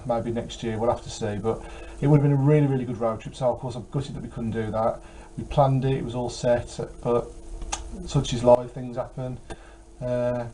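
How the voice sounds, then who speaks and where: A man's voice: medium pitch, dark tone, slight background noise, low-quality recording. A tired man chatting casually about his game collection, rambling with many fillers. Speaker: retro game collector vlogger. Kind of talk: casual chat.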